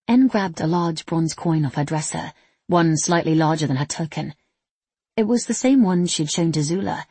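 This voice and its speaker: A woman narrating an audiobook in an even, steady reading voice. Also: low voice, moderate pace, slightly rough, no room sound.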